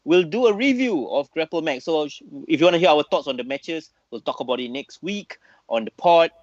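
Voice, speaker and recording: A man, co-hosting a casual podcast in a relaxed way, often calling others bro. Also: a little high, a little fast, no echo. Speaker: podcast co-host. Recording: dry, dull lo-fi mic.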